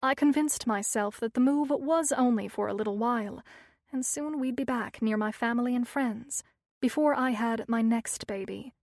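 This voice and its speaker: A woman reads a thriller audiobook in an even, measured narration. Her voice sits slightly high, and the recording is dry and close, with no room sound. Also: dry recording.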